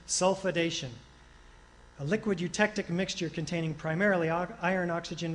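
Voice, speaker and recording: A man's voice: fairly high pitch, poor audio. A man presenting technical evidence in a documentary lecture, earnest and explanatory, with occasional fillers and rhetorical questions.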